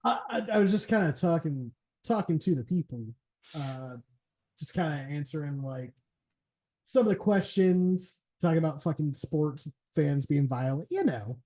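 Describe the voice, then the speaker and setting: A man's voice: fairly high pitch, expressive, moderate pace, dark tone. A man hosting a live stream, chatting casually and rambling, swearing freely and laughing often. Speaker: streamer host.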